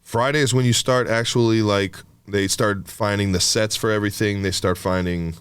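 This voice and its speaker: Young guy with a real low voice, smooth, rambling casual podcast chat, swears a lot. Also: steady tone, moderate pace, dry recording. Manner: loose, rambling, swears, laughs often. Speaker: podcast co-host.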